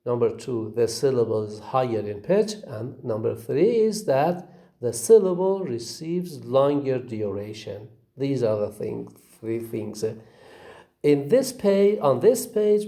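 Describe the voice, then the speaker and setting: Slow, lively-voiced male teacher. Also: medium pitch, vocal fry. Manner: slow, patient, repeats phrases and checks with "okay?". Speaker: English teacher. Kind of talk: recorded phonetics lecture.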